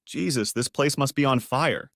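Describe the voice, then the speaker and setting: A blunt, commanding businessman husband, stung by betrayal, barking short orders, as a man reads him. The voice sits at a middling pitch and sounds dry and close, with no room around it. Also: moderate pace, gravelly, a bit bright, dry recording. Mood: curt.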